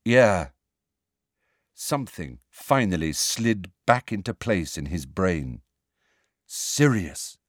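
A man narrating a storybook in a hushed, suspenseful way. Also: low voice, sing-song, slow pace, slightly rough, dry recording, studio quality. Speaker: audiobook narrator.

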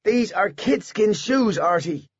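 A man's voice: sits high, expressive, slow, husky, no echo, muffled recording, pitched above the performer's own voice, exaggerated voice. A man voicing a precocious, pompous little boy genius who talks like a fussy know-it-all. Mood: complaining.

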